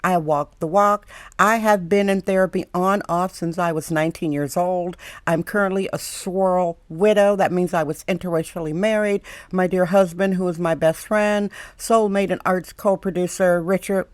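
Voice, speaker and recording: A woman's voice: lowish voice, fairly even intonation, moderate pace, no echo. An older woman giving direct advice to the camera, emphatic and preachy, often repeating her warnings. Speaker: advice mentor. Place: San Francisco, indoors.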